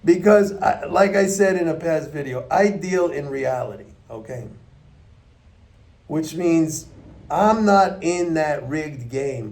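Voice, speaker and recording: A man's voice: on the high side, expressive, slow pace, darkish tone. A man giving blunt, emphatic, unscripted market commentary to his viewers, often repeating points for stress. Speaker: economics commentator.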